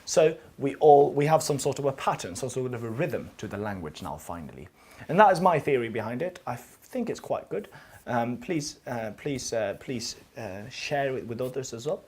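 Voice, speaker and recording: A man's voice: mid-range voice, sing-song, moderate pace, darkish tone, breathy edge. A man teaching a casual video language lesson, explaining his own idea in a musing way with frequent restarts.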